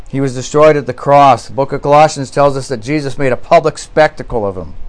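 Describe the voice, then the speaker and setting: A male pastor preaching a sermon in an earnest, emphatic way, pressing hard on key words and often restarting his phrases. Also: a little high.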